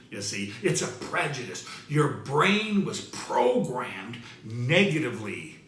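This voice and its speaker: This man, a motivational speaker with a medium-pitched voice, delivers his talk in a lively, swinging way. He takes his time and hits the repeated key phrases hard. His voice sits in a roomy echo.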